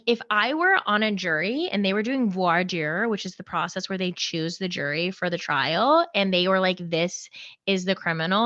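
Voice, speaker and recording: A young woman from Birmingham co-hosts a podcast, rambling in animated bursts and laughing often. Her voice is bright and forward, and it is recorded dry with slightly muffled, lo-fi sound. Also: mid-range voice, dry recording. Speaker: podcast co-host. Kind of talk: casual chat.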